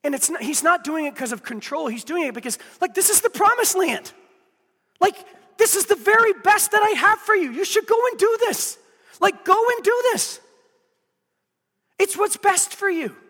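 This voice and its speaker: A man preaching a sermon as pastor, impassioned, swinging between hushed near-whispers and loud urgent appeals. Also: very high-pitched, big pitch swings, moderate pace, long pauses, big-room sound.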